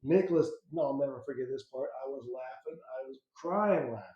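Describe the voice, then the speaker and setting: A man telling a family story as an interview guest, lively and laughing, acting out the quotes. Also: medium pitch, brisk, crowd noise. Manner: animated, laughing storyteller who acts out quotes. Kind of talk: casual storytelling. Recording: roomy, dull sound.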